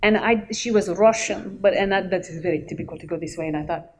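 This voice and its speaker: An animated woman speaking as a guest on an expo panel. She tells lively stories about her work and laughs often. Her pitch sits in the middle for a woman. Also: fast. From Canada. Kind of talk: convention panel talk.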